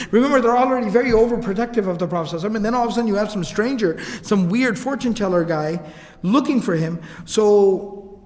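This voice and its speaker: Man, high voice, storytelling lecture, animated and casual, reverberant hall. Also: fast talker. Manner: animated, acts out quotes, casual fillers. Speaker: Islamic lecturer.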